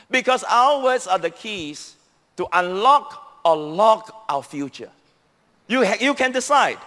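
A man's somewhat bright voice fills a large hall as he preaches a sermon in Singaporean-accented English. His delivery is emphatic and repetitive, leaning on key phrases and sweeping pitch swings.

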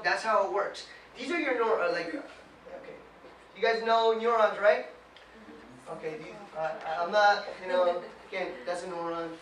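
A man giving an animated motivational talk to a small live group, quizzing them with questions and breaking into mocking whiny voices. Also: high voice. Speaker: motivational speaker. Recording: roomy sound from far off with faint noise.

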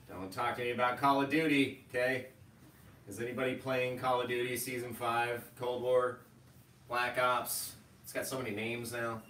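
A man's voice: on the low side, pushed and bright. A man teaching painting live in a casual, rambling way, often drifting into stories. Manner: rambling, chatty, storytelling asides. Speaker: painting instructor. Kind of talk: casual live tutorial chat. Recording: echoey room, distant mic, faint noise.

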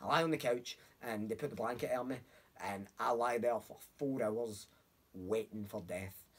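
A young man with a Glasgow accent, telling a story in a casual chat, animated, acting out voices and swearing freely. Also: lowish voice, moderate pace, husky. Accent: Scottish, Glasgow. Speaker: podcast guest.

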